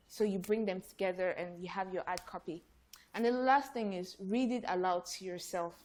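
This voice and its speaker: A woman's voice: mid-range voice, fairly even intonation, moderate pace, darkish tone. A woman trainer giving a conversational workshop talk to an audience. She restarts and repeats words as she goes.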